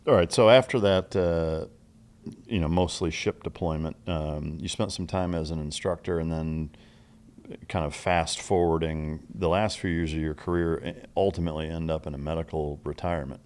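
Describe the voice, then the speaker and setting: A man's voice: rumbling low, fairly even intonation, normal speed, a little mellow. A male podcast host reading a plain, straightforward sponsor ad and asking easygoing interview questions. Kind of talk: interview and ad read.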